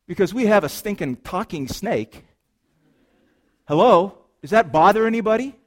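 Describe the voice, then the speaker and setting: A man delivers a sermon from the pulpit in a fairly high voice. He swings between reading scripture and lively, joking asides to his listeners, peppering them with rhetorical questions. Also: normal speed. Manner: animated, rhetorical questions to the congregation; reads scripture aloud, then riffs with playful asides. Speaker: pastor.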